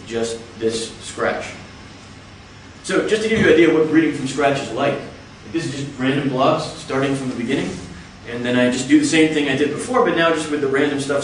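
A man giving a lecture, explaining step by step in a measured way. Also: mid-range voice, a little hiss or hum. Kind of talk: explanatory talk. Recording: echoey hall, from far off.

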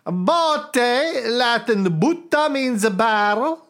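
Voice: expressive, slow, a bit bright. A podcast host putting on an exaggerated Italian accent to voice a chatty, pedantic male listener. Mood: mock-earnest. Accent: put-on Italian. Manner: exaggerated, high, sing-song.

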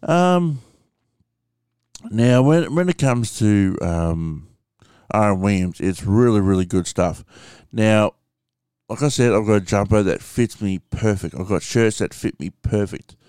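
An Australian man rambling casually in a home vlog, slow and full of ums, swearing freely. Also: lowish voice, lively intonation, darkish tone, clean tone, no room sound, studio quality. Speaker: vlogger. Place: room at home with window open.

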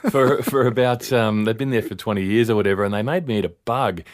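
An Australian man co-hosting a travel podcast, chatting casually in a rambling, halting way with many fillers and restarts. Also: lowish voice. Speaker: podcast co-host. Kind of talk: casual chat.

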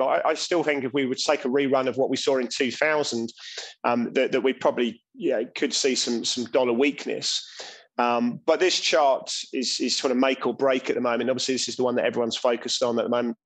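A man co-hosting a trading show from home, talking through market charts with lots of pauses and restarts. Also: mid-range voice, steady tone, low-quality recording. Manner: hesitant, many ums and restarts. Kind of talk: casual market chat.

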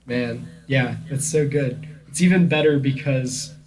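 A man's voice: mid-range voice, a little slow, darkish tone. A young man co-hosting a podcast, answering with wry short replies in casual chat. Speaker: podcast co-host.

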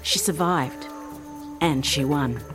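A woman narrating a children's story podcast in a measured, gentle way. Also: low-pitched, over loud music.

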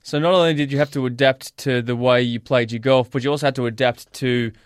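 A man hosting a casual radio interview with quick, encouraging questions. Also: medium pitch, steady tone, clean tone, no room sound, clean studio sound.

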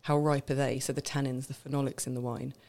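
A woman's voice: very deep voice, level tone, quick pace, gravelly, mellow. A woman from Britain co-hosting a casual podcast chat, explaining in detail and laughing often. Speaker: wine expert co-host.

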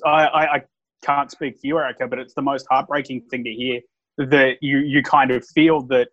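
A man hosting a podcast and telling stories in casual chat, animated, with quick asides. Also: medium pitch, dull audio. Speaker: podcast host and wrestling referee.

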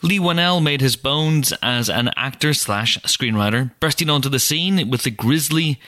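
A man's voice: mid-range voice, expressive, bright, forceful tone, no room sound, studio quality. A man hosting a podcast, reading a scripted intro and then chatting easily with a guest in a booth. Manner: chatty, quick to laugh. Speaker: podcast host. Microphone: studio mic in a podcast booth.

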